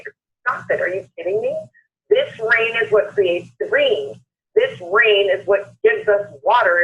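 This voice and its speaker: A woman hosting a motivational conference call, upbeat and emphatic, repeating phrases for effect. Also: mid-range voice. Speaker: call host. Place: Southern California. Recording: muffled phone-line call recording.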